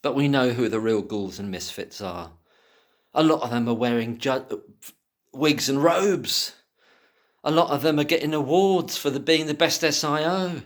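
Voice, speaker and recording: This man's voice sits on the high side as he rants heatedly on his own, swearing liberally and dropping now and then into low muttering.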